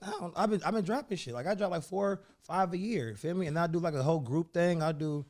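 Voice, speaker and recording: A rapper man from the Bay Area chatting in a studio interview. His voice sits a little high for a man, and his talk is loose and laid-back, full of street slang. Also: fast talker, darkish tone. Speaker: guest rapper. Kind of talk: casual interview chat.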